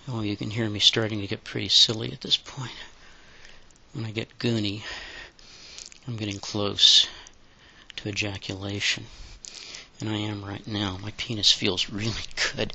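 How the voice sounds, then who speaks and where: A man giving a slow, deliberate solo monologue for his own audio show, in halting phrases that slip into breathy whispers. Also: fairly low pitch, fairly even intonation, sharp tone, muffled recording. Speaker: audio podcaster.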